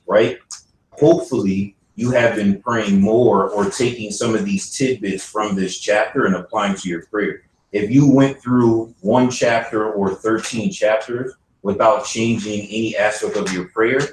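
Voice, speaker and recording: A low-pitched man leads a church Bible study, moving between reading passages aloud and talking them through in a relaxed, chatty way. He is picked up from across an echoey room, with a faint hiss of background noise underneath. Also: recorded from a distance. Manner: conversational, with frequent "right?" asides. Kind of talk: teaching a class, reading aloud and explaining. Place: church classroom.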